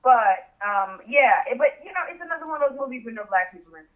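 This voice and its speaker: A woman's voice: high-pitched, expressive, quick pace. A woman guest on a podcast, talking in a thoughtful, opinionated way. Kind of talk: casual chat. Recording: tinny phone line.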